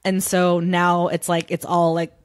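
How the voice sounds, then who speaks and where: A woman's voice: completely flat delivery, measured pace. A young woman co-hosting a casual podcast, chatting and recapping a TV episode, filling her talk with "like" and acting out the characters' lines. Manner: chatty, lots of "like", acts out characters' lines in a higher voice. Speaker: podcast co-host.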